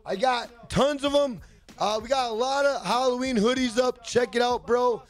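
A man's voice: very high voice, normal speed. A man live-streaming a game, chatting casually and profanely while reading viewers' messages aloud. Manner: rambling, profane, jokey, reads chat aloud. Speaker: gaming streamer.

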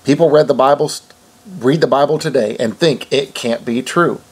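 Husky indignant man reading the news. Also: mid-range voice, normal speed. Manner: indignant, preachy, reads quotes then rebuts them. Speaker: online commentator. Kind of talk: reading news aloud with commentary.

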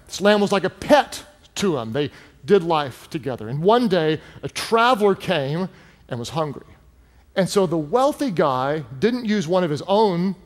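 A man preaching in a large church hall, his slightly raised voice carrying a long reverb. He tells stories with animation and drives his points home, climbing to shouts at the peaks. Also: on the high side. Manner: animated storytelling, rising to shouts. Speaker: pastor. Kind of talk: sermon.

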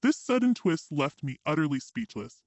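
A man's voice: fairly high pitch, big pitch swings, normal speed, no echo. A man reading a dramatic first-person story in an emotional storytelling manner.

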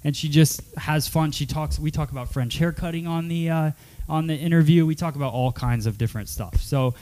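Male host for a casual salon talk show: slightly high voice, upbeat, rambling, lots of fillers. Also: fairly quick, a little mellow. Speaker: podcast host. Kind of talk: casual chat. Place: hair salon studio.

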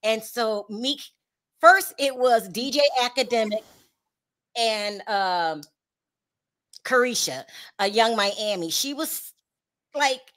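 High-pitched lady doing gossip commentary, chatty, laughs and goes "y'all ain't right". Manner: chatty and animated, laughs and scolds in drawn-out repeats; reads out viewer comments. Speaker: celebrity gossip host.

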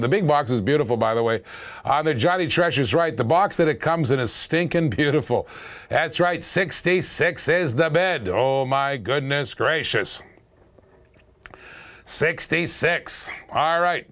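A man's voice: on the high side, fairly bright tone. A man hosting a live-streamed auction, calling bids with repeated catchphrases, chatting to viewers and chuckling often.

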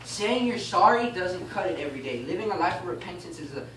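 A man teaching a baptism class in a casual, animated way, often asking "okay?" and "you know?". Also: sits high, fast talker. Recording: echoey room, mic far off, faint noise.

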